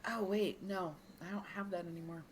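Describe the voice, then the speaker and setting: A woman's voice: medium pitch, steady tone, a little fast, a little hiss or hum. A woman playing a tabletop game, hesitantly narrating her character's actions with many ums. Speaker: player.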